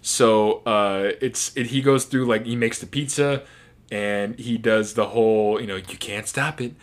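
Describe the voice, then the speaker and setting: A man's voice: on the low side, fairly even intonation, a little slow. Chatty man rambling about a movie. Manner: rambling and chatty, with restarts and playful profanity. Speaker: movie reviewer. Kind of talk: casual commentary.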